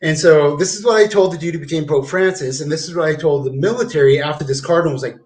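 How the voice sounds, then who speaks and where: A man's voice: fairly high pitch, fairly quick. A man rambling and swearing through a meandering livestream monologue at home. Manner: rambling, profane, meandering with fillers.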